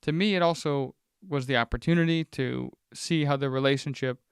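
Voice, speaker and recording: A man co-hosting a relaxed podcast conversation, musing aloud and slipping into little acted-out quotes. His voice is smooth and resonant. It is recorded close and dry, with no room sound. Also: mid-range voice, brisk, dry recording. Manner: reflective, rambling, acts out quoted lines. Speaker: podcast co-host. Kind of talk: casual chat.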